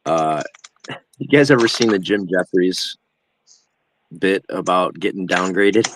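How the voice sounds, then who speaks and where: A man co-hosting a live stream on a video call, chatting in a relaxed, enthusiastic way. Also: deep voice, measured pace, slight background noise, poor audio. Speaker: stream co-host. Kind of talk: casual chat.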